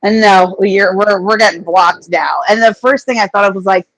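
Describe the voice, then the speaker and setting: A woman's voice: mid-range voice, moderate pace, no room sound, rough recording. Woman host rambling through a story, dry sound. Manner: rambling anecdotes with many fillers. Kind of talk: casual livestream chat.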